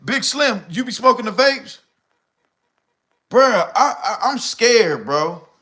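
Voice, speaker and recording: A man's voice: very high-pitched, expressive, slow pace, bright, forceful tone. A middle-aged man hosting a live stream, chatting casually and reading comments in rambling slang, often short of breath.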